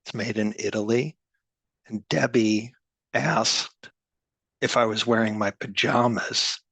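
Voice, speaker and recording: A man who teaches meditation, giving a dharma talk in a wry, soft-spoken way with many hesitations. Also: fairly low pitch, steady tone, takes it slowly, creaky, husky, no echo.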